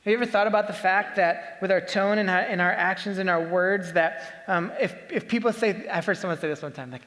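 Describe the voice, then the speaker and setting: A man with a high-pitched voice preaching a sermon. His delivery is conversational and leans on rhetorical questions. His voice carries a long reverb from a large hall. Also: brisk, few pauses, fairly bright tone. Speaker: pastor.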